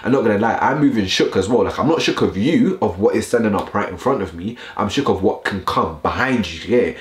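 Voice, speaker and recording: A young male vlogger speeds through an animated storytime, full of slang and side comments to his audience. His voice is very deep, and the room gives it a noticeable echo.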